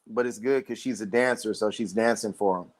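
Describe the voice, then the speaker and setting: A laid-back man with a fairly low voice chats casually on a livestream. He drifts through his thoughts easily, often tagging sentences with "man" and "dude". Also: steady tone, normal speed, background noise. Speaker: livestream co-host. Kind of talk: casual chat.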